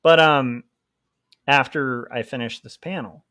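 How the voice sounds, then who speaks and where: A man's voice: mid-range voice, measured pace, pushed and bright, no room sound, clean studio sound. A man hosting a casual livestream while drawing, rambling and joking at his own expense. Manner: joking, rambling, self-mocking. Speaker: livestream host, comic artist.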